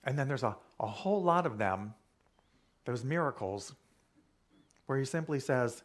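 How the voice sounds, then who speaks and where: A minister giving a sermon in an easygoing, conversational way, often repeating a key phrase. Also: male voice, medium pitch, animated, unhurried, long pauses.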